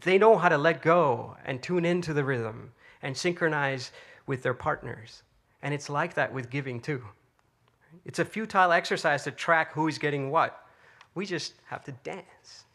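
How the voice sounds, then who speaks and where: Man with a slightly high voice for an inspirational stage talk, relaxed storyteller. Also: moderate pace. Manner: storytelling, conversational, frequent fillers. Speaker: speaker.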